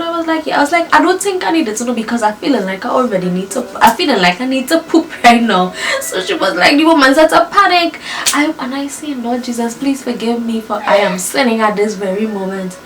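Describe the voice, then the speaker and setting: A young woman telling her birth story to viewers in a lively, chatty way, often calling them y'all and laughing. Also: sits high, recorded from a distance, a little hiss or hum.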